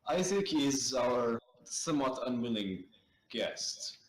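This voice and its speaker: A man's voice: medium pitch, lively intonation, slow, slight background noise. Man playing a tabletop game in an echoey room. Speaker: player. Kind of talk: tabletop role-play chat.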